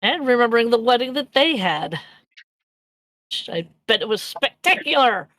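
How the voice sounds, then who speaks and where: A woman's voice: a little high, big pitch swings, normal speed, a bit bright, dry recording, low-quality recording. A woman playing a tabletop role-playing game over voice chat, describing her character's actions with many fillers and restarts. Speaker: player.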